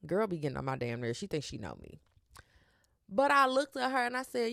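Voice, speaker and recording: A woman hosting her own podcast, talking in a sassy, animated way with slang and cursing. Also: medium pitch, a little fast, creaky, no echo, clean studio sound. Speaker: podcast host. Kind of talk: casual solo podcast talk.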